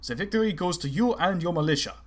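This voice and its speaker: A man's voice: a little high, lively intonation, fast, pitched above the performer's own voice, natural voice. A man doing an aristocratic veteran colonel. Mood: stern. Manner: clipped, aristocratic. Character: aristocratic veteran male colonel, stern and measured.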